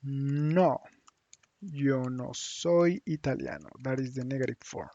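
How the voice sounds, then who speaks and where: A man teaching a lesson, thinking aloud slowly with hums and restarts as he works on screen. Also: mid-range voice, creaky, warm tone, dry recording, muffled recording. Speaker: Spanish teacher. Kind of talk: screen-share language lesson.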